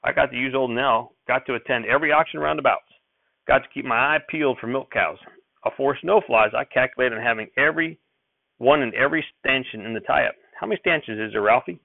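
A man voicing an excitable, cranky old rural grandfather who talks in folksy dialect and repeats his exclamations. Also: mid-range voice, fairly quick, creaky, dry recording, narrow, tinny audio, natural voice. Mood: snappish.

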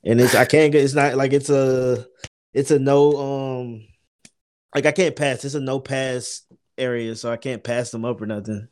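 A man's voice: medium pitch, fairly even intonation, moderate pace. A man co-hosting a podcast, telling stories in loose, profane casual chat. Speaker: podcast co-host.

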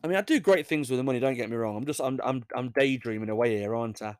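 A man's voice: mid-range voice, fast, darkish tone, clear, resonant tone, no room sound, studio quality. A young English man hosting a casual show, reading odd news stories and rambling through jokey asides that he laughs at. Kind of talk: casual chat.

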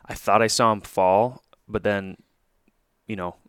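A man's voice: fairly low pitch, fairly even intonation, unhurried, a bit bright, clean tone, no room sound, clean studio sound. A man co-hosting a hunting podcast, telling a hunting story in casual chat with lots of restarts and quoted dialogue. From Michigan.

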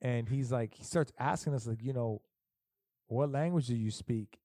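A man's voice: medium pitch, normal speed, warm tone, dry recording, studio quality. A middle-aged man telling stories in casual, profane chat, as a podcast host. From Puerto Rico heritage. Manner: profane, storytelling, emphatic.

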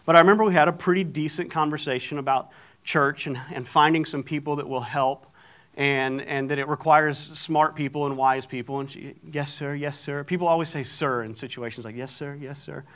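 A man's voice: a little high, fairly quick, fairly bright tone. A middle-aged man preaching, telling a story with animation and acting out the people in it. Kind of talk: storytelling sermon.

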